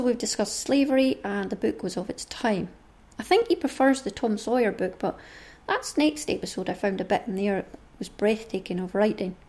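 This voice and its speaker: A woman's voice: fairly high pitch, darkish tone. A woman hosting a craft podcast, chatting in a homely, rambling way and reading aloud. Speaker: podcast host.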